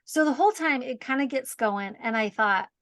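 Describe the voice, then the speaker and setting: Woman guest, lively storyteller with a high-ish voice, dry close mic, laughs through it. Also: normal speed, no room sound. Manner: animated, self-mocking, laughs often. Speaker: podcast guest, hypnotherapist. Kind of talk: casual storytelling.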